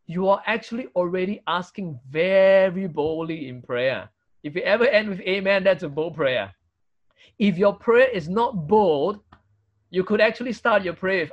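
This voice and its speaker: A man's voice: sits high, expressive, moderate pace, dull audio. A man with a Singaporean English accent preaching a sermon, emphatic, with rhetorical questions and frequent tag "right?". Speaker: pastor.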